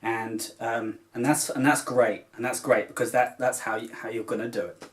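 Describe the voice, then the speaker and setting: A man's voice: mid-range voice, fairly even intonation, normal speed. A man who vlogs about cross stitch talks to camera in a casual, rambling, heartfelt way, with many filler phrases along the way.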